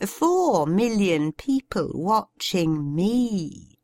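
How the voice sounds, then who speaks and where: A woman voicing a vain, theatrical aging female television star with a grand, drawn-out delivery. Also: mid-range voice, sing-song, warm tone, dry recording, voice pushed up, exaggerated voice. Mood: grandstanding.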